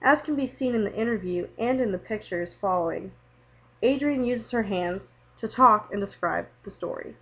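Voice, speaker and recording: A woman's voice: medium pitch, normal speed, a bit bright, slightly rough, poor audio. A young woman student narrating a prepared class presentation, reading from a script. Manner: reads a prepared class report.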